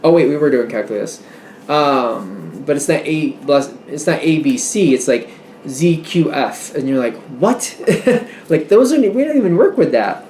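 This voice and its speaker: A man giving a casual tarot reading, rambling and interrupting himself with animated asides. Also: fairly high pitch, normal speed, reverberant, a little hiss or hum. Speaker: tarot reader.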